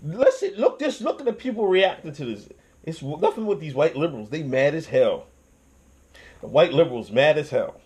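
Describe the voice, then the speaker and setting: A man's voice: a little high, moderate pace. A young man hosting his own channel, ranting in casual commentary with lots of swearing and restarts. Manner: profane, animated ranting with restarts and laughs.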